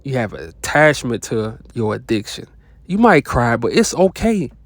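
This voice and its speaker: A man's voice: medium pitch, very animated, normal speed, no room sound, clean studio sound. A man talking straight to camera in a casual, profane motivational monologue, full of slang and short laughs. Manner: blunt, profane, slangy, laughs between points. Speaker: self-help vlogger.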